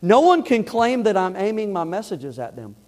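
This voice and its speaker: A pastor preaching a sermon in a church, folksy and emphatic, building up to loud exhortation. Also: male voice, high voice, big pitch swings, moderate pace. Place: church sanctuary.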